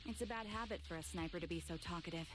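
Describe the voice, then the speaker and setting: An actress playing a reserved female sniper agent in a video game, with a measured, serious delivery. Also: lowish voice, over music, natural voice. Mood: calm. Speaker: game character.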